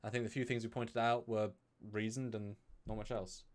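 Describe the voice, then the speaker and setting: A man's voice: fairly low pitch, flat delivery, normal speed. A man co-hosting a live review stream, talking casually with lots of fillers and restarts and now and then asking viewers for donations. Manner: chatty, loose, many fillers and restarts, pleads for donations.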